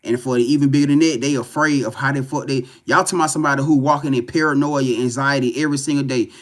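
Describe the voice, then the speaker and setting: Profane, animated man giving a live reading. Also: on the high side. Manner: profane, repetitive, animated preaching to viewers. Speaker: tarot reader. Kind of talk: live spiritual reading stream.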